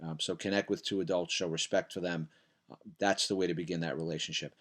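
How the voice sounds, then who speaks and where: Man with a lowish voice: motivational school speaker sending an upbeat video message, direct and encouraging to the kids. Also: fast talker. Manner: loud, energetic opening greeting. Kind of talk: recorded video message to students.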